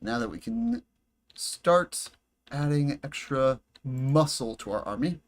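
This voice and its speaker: Guy on a headset livestreaming a game, kinda high voice, joking around and chatting. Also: very animated, slow pace. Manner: chatty, jokey, talks to chat and himself. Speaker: game streamer. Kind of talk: casual live gameplay commentary. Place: home room with air conditioning and bright lights.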